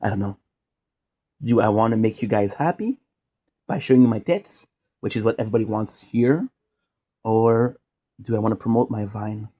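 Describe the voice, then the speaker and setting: A man from Quebec, Canada, speaks in a fairly low, mellow voice at a moderate pace, pausing often. He's a streamer delivering a casual, rambling monologue, cracking jokes and drifting off on side tangents.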